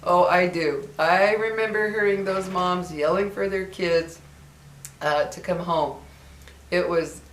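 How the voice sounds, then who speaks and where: A woman's voice: on the low side, a bit bright. Older woman reminiscing in a roomy echo. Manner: chatty and reminiscing, acts out quoted voices. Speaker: vlogger. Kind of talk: casual chat to viewers.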